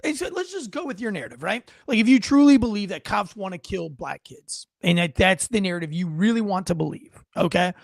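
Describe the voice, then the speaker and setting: A fairly high-pitched man in his twenties co-hosts a casual talk show, animated and emphatic as he argues his points and reads viewer comments aloud. The sound is dry and close, with no room around the voice. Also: brisk, gravelly, few pauses, no room sound. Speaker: podcast co-host. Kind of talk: casual opinion chat.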